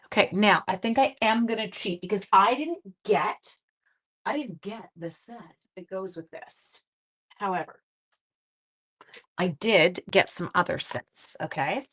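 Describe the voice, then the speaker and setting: A woman's voice: medium pitch, a bit bright, low-quality recording. Woman, forties, craft livestream host, chatty, enthusiastic, casual home setting. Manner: chatty and enthusiastic, talking to live viewers. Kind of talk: casual live-stream chat.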